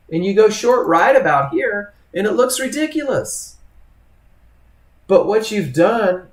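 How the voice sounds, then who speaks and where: Male webinar instructor, slightly high voice, conversational teaching, echoey room sound. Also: big pitch swings, measured pace. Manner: conversational, addresses students by name, acts out trader thoughts. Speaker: trading instructor.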